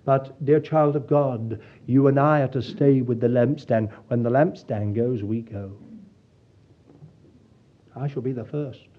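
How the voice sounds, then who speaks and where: A man's voice: medium pitch, unhurried, muffled recording. A man preaching a sermon in an earnest, pastoral way, calling his listeners dear children of God.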